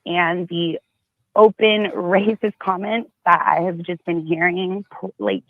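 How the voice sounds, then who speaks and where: Woman caller, gravelly voice, hesitant, muffled dry line. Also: on the low side, steady tone, measured pace, dry recording. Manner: hesitant, worried, with restarts. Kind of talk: phone call-in chat.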